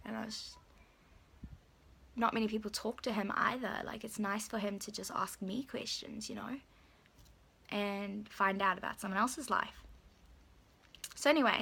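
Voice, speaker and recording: Bright-voiced woman. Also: medium pitch, steady tone, moderate pace, creaky, pauses often, breathy edge. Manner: chatty, lots of "like" and "you know". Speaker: vlogger. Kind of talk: personal storytelling.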